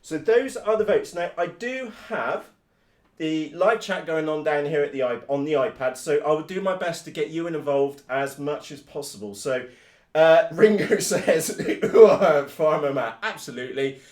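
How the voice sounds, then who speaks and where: A British man from the United Kingdom hosting a live stream about his radio-controlled models, blunt, energetic and full of slang. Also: on the high side, normal speed, reverberant. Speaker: RC hobby video host. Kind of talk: casual live-stream chat.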